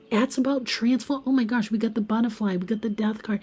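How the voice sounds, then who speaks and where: A woman giving a casual pick-a-card tarot reading, chatty and emphatic, talking straight to her viewers and sometimes dropping to a soft whisper for emphasis. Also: fairly high pitch, moderate pace, hardly any pauses, husky. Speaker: tarot reader.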